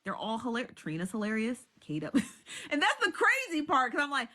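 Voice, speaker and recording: A woman's voice: sits high, wildly swooping pitch, moderate pace, bright, forceful tone. A woman chatting casually on a live stream, swearing freely, repeating herself and often breaking into laughter. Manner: profane, repetitive, laughs often.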